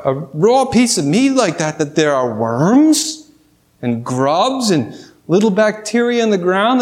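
Know-it-all cat in a sermon story, slow lecturing manner, high and light, as a male preacher puts it on. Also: a little mellow.

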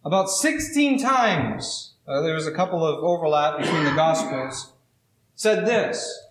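A man preaching a sermon, reading scripture and then telling a story in a measured, drawn-out way with dramatic pauses. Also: fairly high pitch, animated, roomy sound, low-quality recording. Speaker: pastor.

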